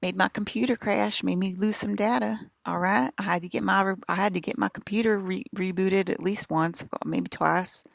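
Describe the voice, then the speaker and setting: A woman's voice: mid-range voice, steady tone, moderate pace, creaky, hardly any pauses, dry recording, clean studio sound. A woman with an American country accent, rambling in an agitated, profane and repetitive monologue as a vlogger.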